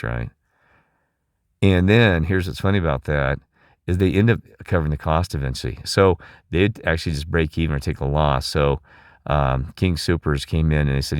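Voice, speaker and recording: A man's voice: extremely low pitch, a little fast, clear, resonant tone, no room sound, studio quality. A middle-aged man talking in a rambling, emphatic monologue, asking listeners questions and restarting his sentences. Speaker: channel host.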